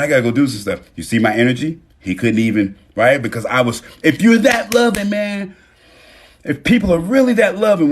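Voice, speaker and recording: A man hosting a casual live-stream talk on his phone, animated and profane, swinging between loud bursts and low murmurs. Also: husky.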